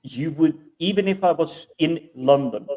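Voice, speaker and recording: A man's voice: a little high, a little slow, warm tone, recorded from a distance, poor audio. A man talking hesitantly with many fillers during a casual panel chat.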